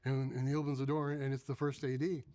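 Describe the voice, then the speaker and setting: A man's voice: medium pitch, quick pace. A man in his thirties casually telling a long story, acting out the other people's voices. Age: 30s. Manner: animated, acts out voices in quotes.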